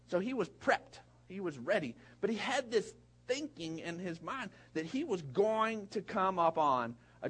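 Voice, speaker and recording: High-voiced preacher telling a story. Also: male voice. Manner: storytelling with frequent laughter, then emphatic preaching. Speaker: pastor. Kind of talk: sermon.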